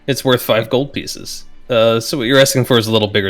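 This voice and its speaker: A man's voice: mid-range voice, steady tone, faint music behind. A man narrating a tabletop game as game master, hesitant and full of fillers. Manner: slow, hesitant, lots of fillers.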